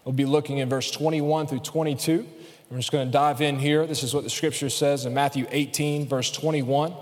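A man's voice: fairly high pitch, fairly quick, in a large hall. A pastor in his thirties preaching a sermon in a church, telling a story with jokes and acting out the quotes. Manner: storytelling, joking, animated with acted-out quotes. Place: church sanctuary.

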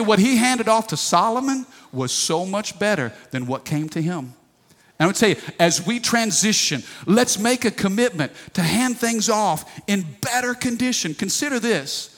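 In a large hall with long reverb, a fortyish pastor delivers a folksy, emphatic sermon and prompts the congregation to respond. His voice sits high with a fairly bright tone.

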